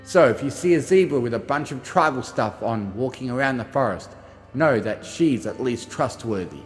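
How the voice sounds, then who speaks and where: A man's voice: mid-range voice, lively intonation, normal speed. Man reading an audiobook, echoey with music. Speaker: audiobook reader. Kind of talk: first-person audiobook narration of a journal.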